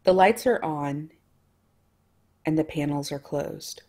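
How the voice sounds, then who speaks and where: Low-voiced woman game master. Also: slow pace. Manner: relaxed, casual narration with fillers. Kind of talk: narrating a tabletop game.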